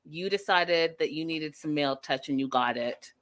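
A woman's voice: low voice, normal speed, a bit bright. A woman hosting a reaction show in casual commentary, speaking emphatically and with exasperation, repeating her points.

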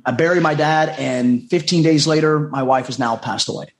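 A man's voice: fairly high pitch, normal speed. A middle-aged man from the United States, a guest on a podcast, telling a personal story in an earnest, heartfelt way and often repeating himself. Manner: heartfelt, repetitive, acts out quoted dialogue. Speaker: podcast guest, life coach.

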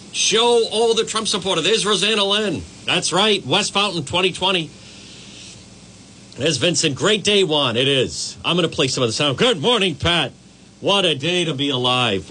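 A man's voice: fairly high pitch, pushed and bright, slight background noise. A man hosting a morning radio talk show, boisterous and exuberant, greeting listeners by name.

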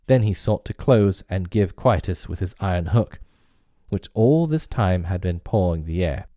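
A man reading a classic story aloud as narrator, in a measured and expressive storybook way. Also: deep voice, dry recording, clean studio sound.

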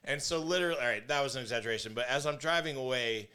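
A middle-aged man co-hosting a podcast, with a bright, forward voice. He tells stories with animated, teasing energy and pokes fun at himself as he goes. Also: medium pitch, racing, clean tone. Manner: animated storyteller, playful and self-mocking. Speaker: podcast co-host. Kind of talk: casual chat.

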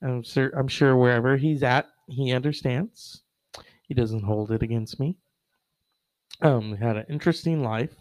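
A man's voice: mid-range voice, unhurried, a little mellow, no echo, low-quality recording. A man hosting a casual online show, rambling with many fillers and wry asides.

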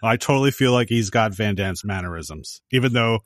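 A man's voice: lowish voice, a little fast, no room sound, clean studio sound. A man co-hosting a podcast, chatting about a film in an easygoing, wry way. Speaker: podcast co-host. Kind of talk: casual film chat.

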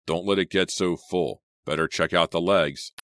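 A man's voice: low voice, steady tone, moderate pace, fairly bright tone, no room sound. A man reading a matter-of-fact police officer. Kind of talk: audiobook character voice.

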